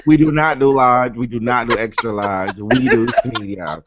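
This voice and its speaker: A man's voice: mid-range voice, moderate pace, a bit bright, no echo, lo-fi sound. A man co-hosting a podcast, chatting casually and telling stories with playful, dramatic asides. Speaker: podcast co-host. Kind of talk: casual chat.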